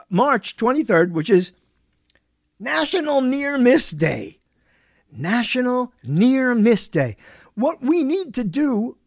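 A man's voice: sits high, dry recording, clean studio sound. A man hosting a live talk show, chatting in a rambling, digressive way and often breaking off mid-sentence. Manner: digressive, chatty, self-interrupting. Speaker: radio show host. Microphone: studio microphone.

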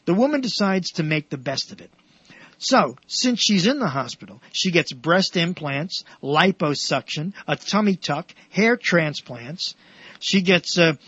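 A man hosting a radio show, telling jokes in a rambling way with many restarts and animated punchlines. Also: on the high side, slightly rough, no room sound, muffled recording.

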